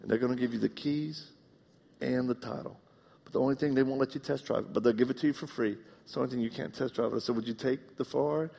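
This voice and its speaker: A middle-aged man gives a live sermon in a church auditorium, his voice gravelly at medium pitch. He tells stories in an animated, joking way and acts out the people he quotes. The sound has the long reverb of a large hall. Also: quick pace. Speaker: preacher.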